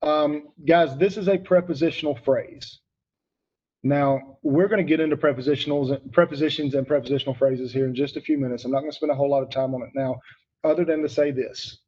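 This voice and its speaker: A man's voice: a little high, fairly even intonation, fairly quick, darkish tone, highs cut off. A man teaching grammar to students online, emphatic and repeating key points, calling on students by name.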